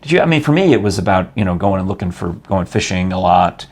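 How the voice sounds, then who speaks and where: A man's voice: sits low, animated, fast. An older man from New York hosting a casual interview show, chatty and rambling, laughing often. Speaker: talk show host.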